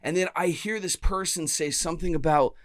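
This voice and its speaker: A man's voice: a little high, steady tone, brisk. A man co-hosting a podcast in casual chat, joking and swearing loosely with his friend. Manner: loose, joking, profane banter. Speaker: podcast co-host.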